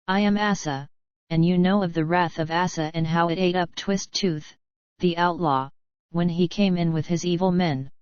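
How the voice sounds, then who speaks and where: Storybook warrior, stern and threatening, read by a woman, smooth low voice, dry close sound. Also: fairly even intonation, normal speed, darkish tone, dry recording, dull audio, natural voice. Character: stern, commanding male warrior bluffing as a feared spirit.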